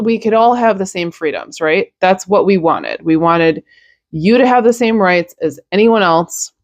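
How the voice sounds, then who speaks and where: A woman's voice: mid-range voice, no room sound, studio quality. A young woman hosting a news podcast, ranting bluntly in a casual, profane monologue, sounding tired.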